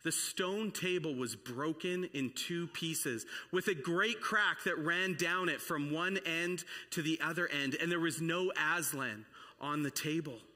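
A male preacher telling a story in an earnest, dramatic way. His bright, fairly high voice carries into a long hall reverb. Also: measured pace. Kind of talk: storytelling sermon.

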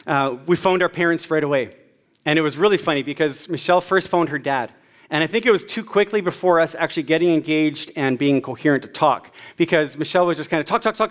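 A man in his forties preaching a sermon as a pastor, telling personal stories in a conversational way. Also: a little high.

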